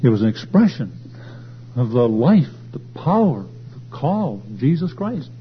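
A man preaching a sermon at a church service, swelling louder and higher as he drives his points home. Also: sing-song, unhurried. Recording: dull lo-fi recording with faint hum.

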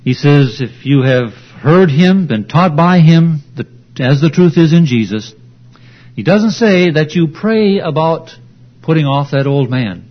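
A man preaching an expository sermon, slow, deliberate and emphatic as he teaches. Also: a little high, lively intonation. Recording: dull lo-fi recording.

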